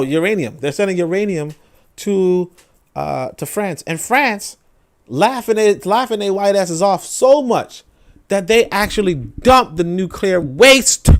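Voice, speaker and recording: A young man hosting a book-reading show, giving animated casual commentary, full of restarts and mocking acted-out voices. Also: high-pitched, a little slow. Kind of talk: casual commentary on read passages.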